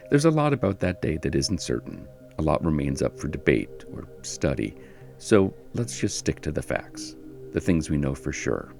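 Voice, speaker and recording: A man narrating a history podcast in a measured, solemn scripted style. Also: rumbling low, sing-song, vocal fry, a little mellow, faint music behind.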